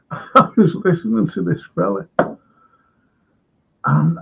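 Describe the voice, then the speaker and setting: A host with a slightly high, husky voice rambles and chats through a casual fan show, reading out viewer comments as he goes. He's unhurried and pauses often, and the sound is thin and tinny like a phone line.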